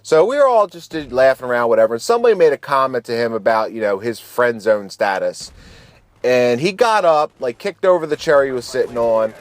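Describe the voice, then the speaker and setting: A man in his thirties spins a yarn from his youth while he plays, loose and unhurried. His talk is full of slang and swearing, and he stumbles and restarts his sentences as he goes. His voice sits at an ordinary middle pitch. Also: dry recording. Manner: relaxed, slangy, profane, frequent restarts. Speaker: gaming channel host. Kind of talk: casual storytelling over gameplay.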